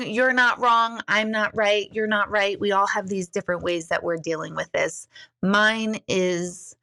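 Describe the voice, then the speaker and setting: A woman's voice: medium pitch, gravelly, a bit bright. A chatty middle-aged woman hosting a casual live stream, talking candidly and swearing now and then. She sounds slightly tipsy after a couple of glasses of wine. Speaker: livestream host.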